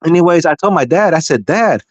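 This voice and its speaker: Profane animated male storyteller, dry sound. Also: mid-range voice, fairly quick, no room sound. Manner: profane, animated, acts out quoted dialogue. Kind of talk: casual storytelling chat.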